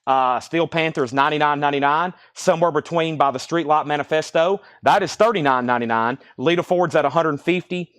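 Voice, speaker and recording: A man hosting a live vinyl record sale, rattling off titles, prices and bids in quick auction patter, a little out of breath. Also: on the high side, fairly bright tone, clear, resonant tone. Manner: rapid-fire listing of prices and bids.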